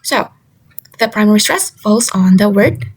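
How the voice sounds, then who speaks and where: A young woman whose first language is Indonesian gives a class presentation, carefully repeating example words slowly. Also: medium pitch, animated, breathy edge, low-quality recording. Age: young adult. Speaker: student presenter. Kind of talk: class presentation on word stress.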